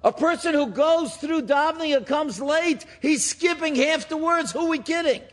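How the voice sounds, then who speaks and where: A man, a rabbi, giving a storytelling sermon in an animated way, often rising for emphasis. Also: very high voice, normal speed. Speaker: rabbi and speaker.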